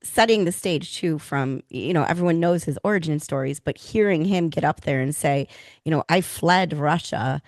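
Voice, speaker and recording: A woman's voice: low voice, moderate pace, darkish tone, no echo. A woman co-hosting a casual hockey podcast, upbeat and steering the talk with questions. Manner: upbeat, leads the conversation with questions. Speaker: co-host.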